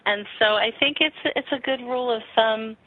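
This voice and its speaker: A woman sexuality teacher answering interview questions frankly and warmly, acting out little quotes as she explains. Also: fairly high pitch, a little fast. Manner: frank, animated, acts out quotes with laughs. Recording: tinny phone-line sound.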